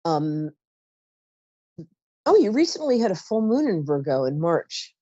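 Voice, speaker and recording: Chatty woman psychic host, lively pitch. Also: unhurried, no room sound, lo-fi sound. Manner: chatty, warm-toned asides, trails off mid-sentence. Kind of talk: live call-in psychic reading.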